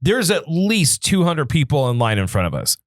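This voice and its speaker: A man's voice: fairly high pitch, moderate pace, no room sound, studio quality. A man co-hosting a podcast, telling a story in casual chat, jumping in and doing voices. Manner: animated, does voices and interrupts. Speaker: podcast co-host.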